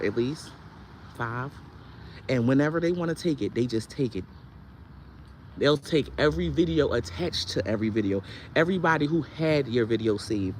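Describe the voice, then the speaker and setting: A woman's voice: low voice, a little hiss or hum. A woman who sells herbal products, ranting on her vlog in a heated, blunt, profane way. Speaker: herbal products seller and content creator.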